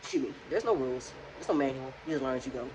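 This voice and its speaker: Her voice rumbles low and races along over a noisy background. A young woman chats through a vlog recap of a reality show, talking right back to the people on screen in casual reaction commentary.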